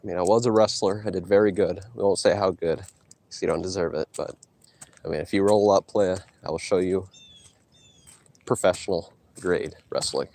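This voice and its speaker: A man streaming from an outdoor hike, trash-talking his chat in a boastful, mocking way with loud teasing outbursts. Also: low-pitched, steady tone, moderate pace. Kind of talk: casual trash talk to chat while hiking.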